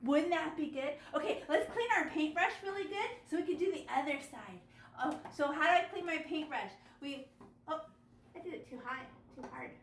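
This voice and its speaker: A woman teaching children a step-by-step painting lesson over a video call, animated and coaxing. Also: high-pitched, normal speed, reverberant, slight background noise. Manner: animated, gasping with delight, coaxing young kids. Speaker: art teacher.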